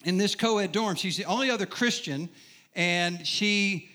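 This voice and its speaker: A middle-aged man preaching to a crowd, with a high voice that rings bright and forceful. He tells his story with humor and keeps checking in with the listeners. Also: measured pace. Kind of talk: sermon testimony.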